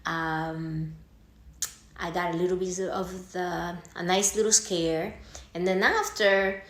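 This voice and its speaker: A woman's voice: lowish voice, slow. A woman whose first language is Spanish, casually telling a story, cursing and acting out the people she quotes. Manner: animated, swearing, acts out quoted voices. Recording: echoey room.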